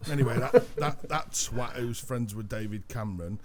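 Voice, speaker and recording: Joking, swearing host. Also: male voice, medium pitch, normal speed, a loud crowd. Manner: swearing, laughing, teasing. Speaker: podcast host. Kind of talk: casual banter.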